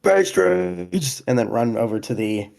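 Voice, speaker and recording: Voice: medium pitch, steady tone, moderate pace, darkish tone. A player in a tabletop role-play game, describing their character's actions with brief, laid-back remarks.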